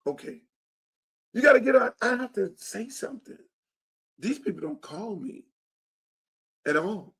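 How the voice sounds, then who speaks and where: A man with a high-pitched voice holds forth in a casual political monologue. He is blunt and emphatic, swears freely, and hammers the same phrases again and again. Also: expressive, a little slow, pauses often, a bit bright, slightly rough. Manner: emphatic, repetitive, blunt and profane. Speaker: show host and political candidate.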